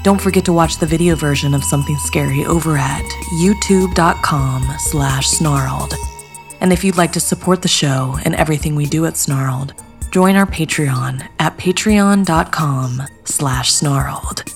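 A woman podcast host reading the credits and sign-off in a slow, hushed, whispery manner. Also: deep voice. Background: music.

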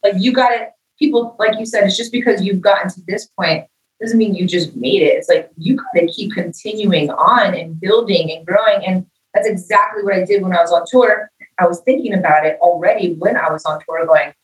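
A woman's voice: medium pitch, brisk, echoey room, distant mic, poor audio. A middle-aged woman, a musician, chatting in an interview and acting out the people in her stories. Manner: animated storyteller, acts out quoted dialogue. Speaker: guest musician. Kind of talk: casual interview talk.

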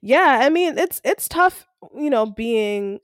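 A woman co-hosting a podcast, telling a workplace story in casual chat and acting out the people in it with lively voices. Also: sits high, slow pace, dry recording, clean studio sound. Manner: animated, acts out quoted coworkers. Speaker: podcast co-host.

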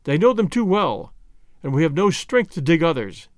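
A man voicing a starving, half-mad frontier man who shouts with wild laughter in a storybook reading. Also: on the high side, big pitch swings, normal speed, no echo, studio quality. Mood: bitter.

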